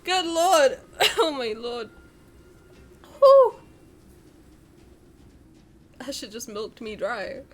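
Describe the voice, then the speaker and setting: Young woman streamer, high and very animated, giggly and crude in chat, drops into story reading between jokes. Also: extremely slow, pauses often. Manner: giggly, crude joking, reads story text aloud. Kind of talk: casual reaction stream chat.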